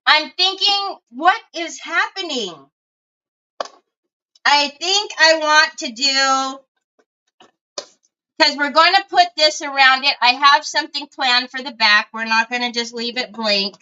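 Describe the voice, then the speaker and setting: High bright chatty woman. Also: muffled recording. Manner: chatty storyteller, talks to viewers as y'all. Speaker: crafting livestream host. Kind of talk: casual chat while crafting.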